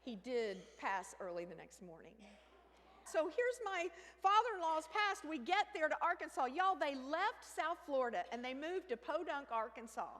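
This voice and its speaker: Animated woman telling a comic story. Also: high-pitched, moderate pace. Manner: animated, shifts into loud shrieks and hushed asides. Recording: reverberant hall with faint ambience.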